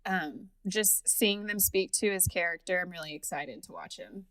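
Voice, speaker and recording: A woman's voice: fairly low pitch, animated, moderate pace, fairly bright tone, no echo. A woman co-hosting a podcast in casual chat, upbeat and chatty. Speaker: podcast co-host.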